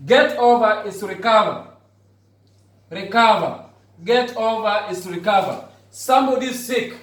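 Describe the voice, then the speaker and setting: A man teaching English vocabulary to a class, patiently repeating each phrase slowly to drive it home. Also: high voice, fairly bright tone. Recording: very echoey room, voice far off.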